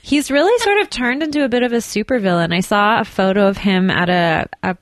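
A woman's voice: mid-range voice, no room sound. Chatty gossiping woman. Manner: chatty, quick asides, gossipy. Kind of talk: casual chat.

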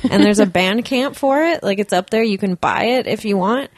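A woman's voice: medium pitch, normal speed, no room sound. A woman co-hosting a podcast, chatting casually with playful, joking asides. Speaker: podcast co-host. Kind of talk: casual chat.

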